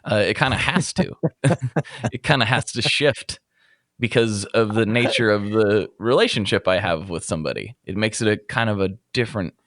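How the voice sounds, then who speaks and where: A man's voice: fairly low pitch, moderate pace, a bit bright, no echo. Laid-back man hosting a podcast, dry close mic. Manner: rambling, self-deprecating, laughs often. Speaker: podcast host. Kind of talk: casual conversational podcast chat.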